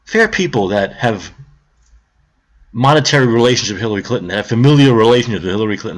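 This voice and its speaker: A man's voice: mid-range voice, animated, fast talker. A man hosting a live stream, delivering a sarcastic political rant, mocking others and swearing.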